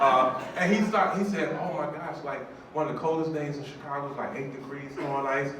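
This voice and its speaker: A man in his fifties, a judge, tells a personal story to an audience in an animated, emotional way, acting out the voices. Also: a little high, fairly quick, few pauses. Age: 50s. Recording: echoey hall from far off, background noise.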